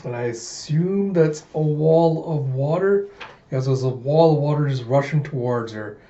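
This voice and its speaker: A man's voice: on the high side, measured pace, mellow. A man casually narrating a comic readthrough, mouthing sound effects and chuckling. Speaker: manga readthrough host. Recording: muffled, roomy home recording.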